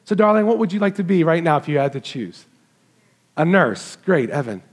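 Man preaching, high voice, conversational, asks the kids questions. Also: very animated, a little fast. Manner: warm, conversational preaching, walks into the crowd asking kids questions. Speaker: pastor. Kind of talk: Christmas sermon, talking with children.

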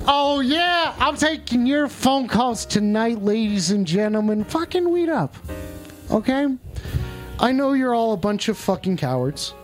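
A man's voice: sits high, a little mellow. A man hosting a mock call-in show, talking in a brash, profane, mocking way. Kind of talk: crude comedic streaming banter.

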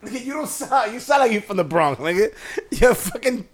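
A man with a notably high, bouncing voice ribs his co-host on a podcast. He swings widely up and down as he teases, cursing casually and laughing often. The talk is loose and street-casual. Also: animated, fairly quick. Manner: teasing, laughs often, profane.

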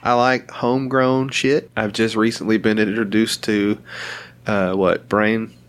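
A low-voiced man hosts a relaxed podcast conversation. He talks bluntly, swears freely and laughs between thoughts. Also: measured pace. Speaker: podcast host. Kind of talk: casual chat.

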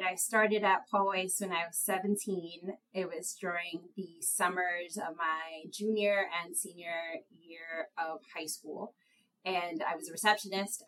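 A bright-voiced young New woman, an attorney appearing as a guest, tells stories in a conversational interview. She's an animated storyteller with a high, light voice who laughs at herself, though the recording quality is low.

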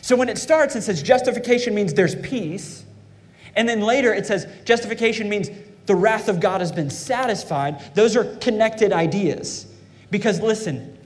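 High-voiced preacher in a reverberant hall. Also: male voice, expressive, moderate pace. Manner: fervent preaching, calls to congregation. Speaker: pastor. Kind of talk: sermon.

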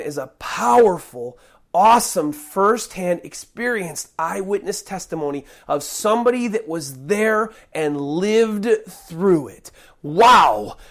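A preacher teaching a Bible passage in a sermon, speaking emphatically with sudden loud bursts and frequent restarts. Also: mid-range voice.

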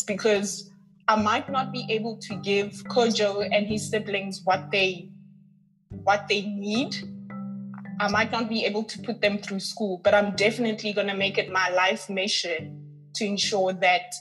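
A woman, a podcast guest, tells her story with heartfelt emphasis and often repeats words for weight. Her voice sits at an ordinary middle pitch, with faint music playing underneath. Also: steady tone, measured pace, low-quality recording. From North West, South Africa. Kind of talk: personal storytelling in an interview.

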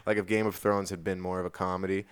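A man's voice: sits low, flat delivery, fast, smooth, dry recording. A man co-hosting a podcast in casual comedic chat, profane and jokey, slipping into mock accents and sung bits. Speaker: podcast co-host.

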